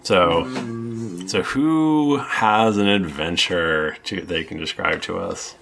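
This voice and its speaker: A man's voice: low-pitched, slow pace, vocal fry, crowd noise. A man running a tabletop game as game master, explaining the rules in a rambling way with many restarts. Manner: rambling, lots of ums and restarts.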